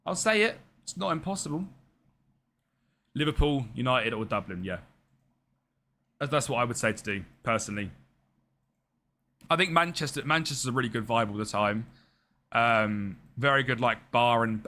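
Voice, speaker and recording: A man's voice: mid-range voice, pushed and bright, a little hiss or hum. A young man chatting casually on a live stream, rambling and answering viewers by name as he plays. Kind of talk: casual live-stream chat while gaming.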